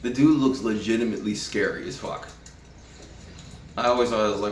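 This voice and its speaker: Low-voiced man in a roomy space. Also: brisk, long pauses, slight background noise. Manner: profane, rambling, frequent restarts. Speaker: TV episode reviewer. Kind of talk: casual spoken review. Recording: roomy, from a distance.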